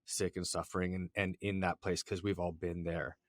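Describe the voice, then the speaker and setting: Male podcast host, low voice, dry close sound, reflective, thinks aloud with repeats. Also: level tone, normal speed, no echo. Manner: reflective, backchannels, repeats words. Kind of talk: casual podcast conversation.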